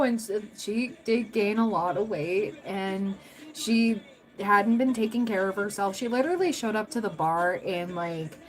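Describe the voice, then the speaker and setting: A woman's voice: medium pitch, moderate pace, poor audio. A young adult woman hosting a tarot livestream, chatting casually with viewers, rambling through stories and laughing often.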